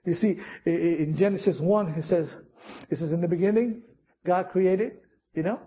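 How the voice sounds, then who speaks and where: A man's voice: high-pitched, normal speed, muffled recording. A man preaching a sermon, telling stories with acted-out quotes and chuckling as he goes. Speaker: pastor.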